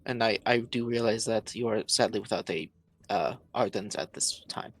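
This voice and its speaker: A man's voice: on the low side, normal speed. A man playing a tabletop game, speaking in character in a polite, formal way. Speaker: player.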